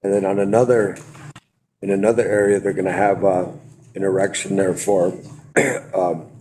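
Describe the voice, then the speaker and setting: A man on a tribal council explaining an agenda item at a meeting, halting and restarting as he goes. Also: deep voice, level tone, mellow, a little hiss or hum, poor audio. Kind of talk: meeting discussion.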